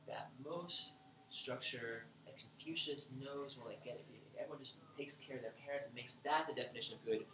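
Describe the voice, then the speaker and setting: A man's voice: mid-range voice, a little fast. Rambling male lecturer in an echoey bookstore. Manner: rambling, irreverent, thinks aloud. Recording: echoey room with background noise.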